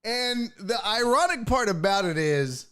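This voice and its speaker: A man hosting a sports talk show, swearing freely as he rants and mocks. His voice sits high for a man and swings widely in pitch. He takes his time with the words. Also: a little slow. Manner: profane, animated, mocking. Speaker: sports podcast host. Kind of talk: casual sports rant.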